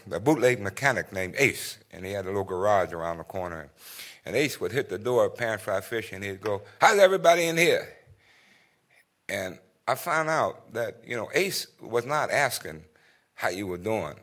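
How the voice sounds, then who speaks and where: A middle-aged man giving a speech to an audience, telling anecdotes with many "uh" pauses and acting out bits of other people's dialogue. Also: deep voice, fairly bright tone. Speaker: guest speaker.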